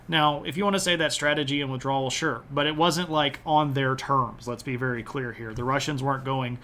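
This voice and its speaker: A man streaming a casual history talk, answering chat by name and putting on quick joking voices for the nations. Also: medium pitch, pushed and bright.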